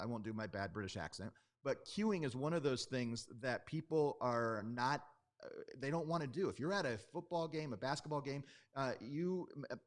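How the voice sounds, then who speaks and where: A man speaking as a guest expert in an interview, explaining things in an animated, rambling way with frequent self-corrections and asides. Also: medium pitch. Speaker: restaurant technology guest expert. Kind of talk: conversational explaining. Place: Atlanta.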